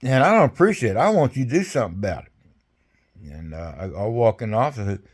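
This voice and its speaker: A man's voice: mid-range voice, huge pitch swings, racing. An older man recounting his service in a rambling, folksy way, speaking casually over a video call. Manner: rambling, folksy, salty, chuckling. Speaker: veteran interviewee. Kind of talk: casual storytelling interview.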